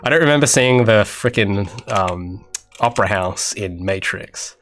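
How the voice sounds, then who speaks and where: This young Australian indie developer streams his game development, his accent frequently mistaken for Canadian. His voice is on the low side, fairly bright and expressive, and a little slow as he rambles with self-mocking jokes and asides to chat while coding. There's slight background noise.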